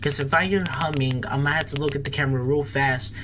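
A man reacting excitedly and in slang while playing a horror game for his channel. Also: mid-range voice, quick pace, noisy background. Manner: excitable, slangy, jumpy exclamations. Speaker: gaming YouTuber. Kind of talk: reactive gameplay commentary.

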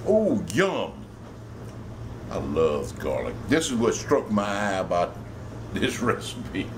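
A man's voice: lowish voice, sing-song, slow pace, noisy background. A man with a Louisiana Cajun accent hosting a home cooking video, folksy and joking, swearing freely as he works. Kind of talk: casual cooking demonstration.

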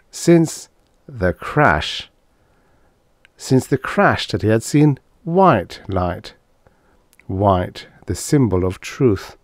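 Low-voiced man narrating science fiction. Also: no room sound, clean studio sound. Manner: expressive, dramatic storytelling. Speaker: audiobook narrator.

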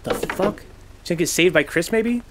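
A man hosting a casual movie reaction, talking in an excitable, slangy way, swearing and calling out at the screen. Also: high-pitched, brisk, noisy background.

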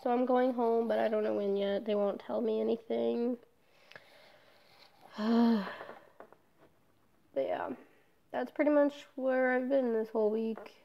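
A woman's voice: on the high side, fairly even intonation, slow pace, vocal fry, pauses often, lo-fi sound. A young woman in a casual personal vlog, talking candidly, swearing often and trailing off with fillers. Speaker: vlogger.

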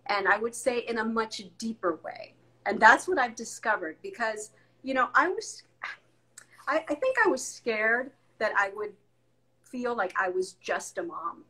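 A woman in her forties talks as a guest in a relaxed interview, her voice sitting a little high. She tells her stories with animation and warmth of detail, slipping easily between them. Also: unhurried, rough recording. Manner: animated storyteller, acts out family voices. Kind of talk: casual interview chat.

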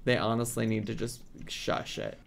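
A man's voice: lowish voice, normal speed, creaky, a little hiss or hum. A man hosting a casual let's-play from his apartment, chatting playfully and bossing his game characters around. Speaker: gaming channel host. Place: home apartment.

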